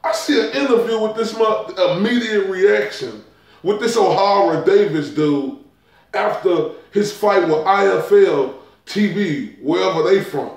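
A man hosting a boxing talk show, delivering a heated, profane, mocking rant with drawn-out emphasis. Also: high-pitched, gravelly, recorded from a distance. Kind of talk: ranting commentary. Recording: very echoey room, off-mic.

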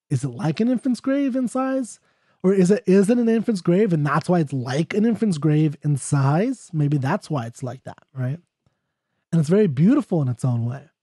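Excitable man lecturing on poetry. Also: a little high, breathy edge, no echo, studio quality. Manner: excitable, talky, reads quotes aloud. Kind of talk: off-the-cuff lecture.

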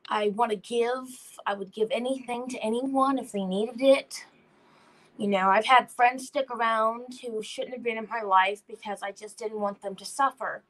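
A young woman speaking as a guest in a slow, heartfelt way about her own feelings. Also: on the high side, steady tone, rough recording. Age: young adult. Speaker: guest, daughter. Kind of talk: personal testimony.

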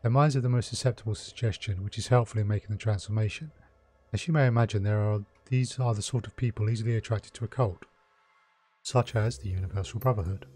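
A man playing a painted elf showman, theatrical and wry, low mellow voice. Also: fast talker, breathy edge. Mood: lecturing. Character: flamboyant painted male elf, mocking and theatrical.

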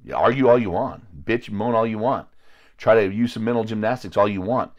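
A man with a fairly low voice preaching to a small group in a loose, conversational way. He talks bluntly and confrontationally, drops the odd crude word, and often restarts his sentences. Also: brisk, highs cut off. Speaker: lay preacher.

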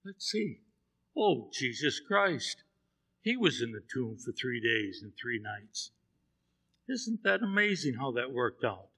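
A man's voice: mid-range voice, sing-song, takes it slowly, pushed and bright, breathy edge, in a large hall. A man preaching a sermon in a church, telling a Bible story and acting out the characters' lines. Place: church sanctuary.

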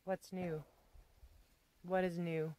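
A woman's voice: lowish voice, level tone, takes it slowly, dark tone, rough recording. A woman vlogger ranting casually to camera, blunt and rambling, with casual swearing and emphatic asides. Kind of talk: casual unscripted rant to camera.

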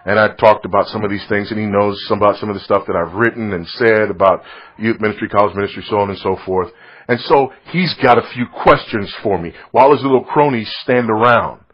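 A middle-aged man preaching, telling a story in a sermon, swinging from loud to hushed. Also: lowish voice, brisk, breathy edge. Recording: dull lo-fi recording.

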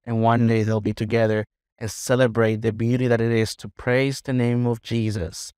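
Man, pastor, earnest encouraging tone, dry room, mid pitch. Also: flat delivery, moderate pace, a little mellow, clear, resonant tone, dry recording. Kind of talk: casual podcast chat.

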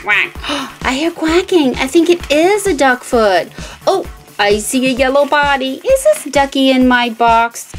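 A woman hosting a toy unboxing channel, talking excitedly to children, gasping and calling the viewers guys. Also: sits high.

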